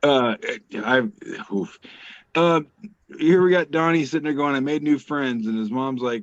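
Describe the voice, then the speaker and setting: Co-host, male, mid-pitched, wry meme reader, dry dull call audio. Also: animated, moderate pace, no room sound. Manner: reads captions aloud, wry asides, swears casually. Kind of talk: casual chat reading memes aloud.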